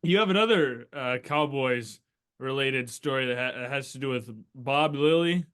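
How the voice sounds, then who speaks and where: A man's voice: mid-range voice, a little slow, fairly bright tone, clean tone. A male podcast host prompting a guest in a casual interview with short encouraging replies. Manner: brief encouraging replies, laughs along.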